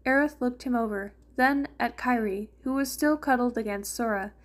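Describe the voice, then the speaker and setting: A woman's voice: fairly high pitch, normal speed. Woman reading fan fiction aloud. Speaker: fanfiction reader.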